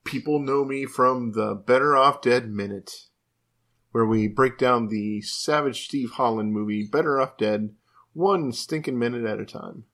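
A man's voice: medium pitch, unhurried, fairly bright tone. Hesitant man guesting on a podcast. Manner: hesitant, apologetic. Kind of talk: casual chat.

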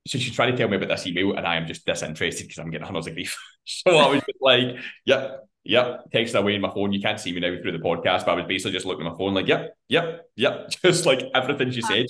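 A man's voice: deep voice, expressive, very fast, a bit bright. A man with a Scottish accent, co-hosting a podcast, telling a long story in casual chat, swearing freely and laughing as he goes. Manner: swears freely and laughs through his anecdotes. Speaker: podcast co-host.

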